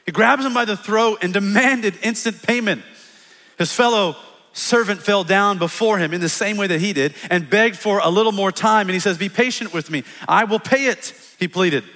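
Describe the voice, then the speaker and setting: A male pastor preaching an energetic, animated sermon, acting out quotes as he goes. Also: high-pitched, moderate pace. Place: church sanctuary. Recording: long church reverb.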